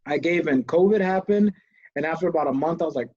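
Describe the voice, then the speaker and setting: A man co-hosting a casual business podcast, talking with enthusiasm and telling animated stories. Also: fairly high pitch, fast, no echo, dull audio. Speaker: podcast co-host, business owner.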